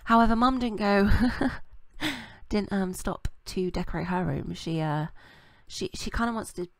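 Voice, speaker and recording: Chatty gravelly British woman. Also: mid-range voice, unhurried, no room sound. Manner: chatty and rambling, with many fillers. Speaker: gaming channel host. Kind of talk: casual let's-play commentary.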